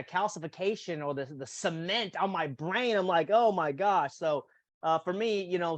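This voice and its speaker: A man with a fairly high voice hosts a loose, rambling conversation, often slipping into goofy voices for quotes. The sound is dry and close, with no room around him. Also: no room sound. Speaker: host. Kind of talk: casual podcast chat.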